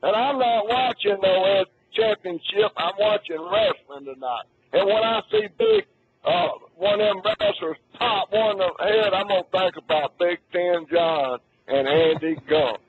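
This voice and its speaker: Man, radio caller, teasing, high lively voice, tinny phone line. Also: a little slow. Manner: boisterous, teasing, drawling. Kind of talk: phone-in banter.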